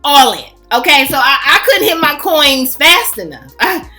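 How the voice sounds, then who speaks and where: A woman hosting a fragrance vlog, talking in an animated, gushing, chatty way, faint music behind. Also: high voice, moderate pace. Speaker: fragrance channel host.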